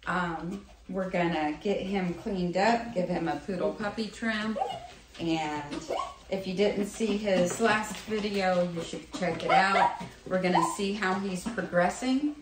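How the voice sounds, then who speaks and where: A woman dog groomer narrates at an unhurried pace, now and then slipping into coaxing sing-song baby talk. The room rings with echo. Electric clippers buzz clearly in the background. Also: on the low side. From United States. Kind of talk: casual instructional narration. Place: grooming salon. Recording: echoey room with clipper noise.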